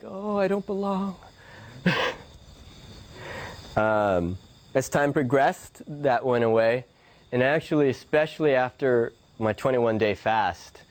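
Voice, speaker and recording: A man who is a guest, telling reflective stories in conversation and laughing often. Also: lowish voice. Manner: animated, laughing storyteller.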